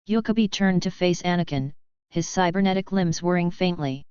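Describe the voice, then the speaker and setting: A woman narrating fan fiction as a storybook reading, in an even, measured way. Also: lowish voice, clear, resonant tone, dry recording. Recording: slightly dull, dry sound.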